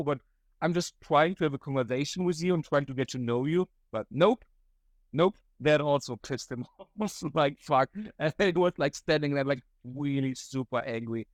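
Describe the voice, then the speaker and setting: A man's voice: on the high side, moderate pace, no echo. Young German man, German accent, solo podcast host, rambling and profane, dry close mic. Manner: rambling, profane, laughs often, acts out quotes. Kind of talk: casual solo storytelling.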